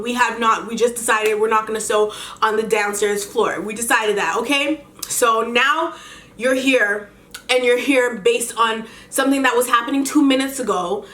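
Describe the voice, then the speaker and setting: A woman vlogger telling a story in an animated, indignant way, often breaking into laughter. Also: a little high. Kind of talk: storytime vlog. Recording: echoey room.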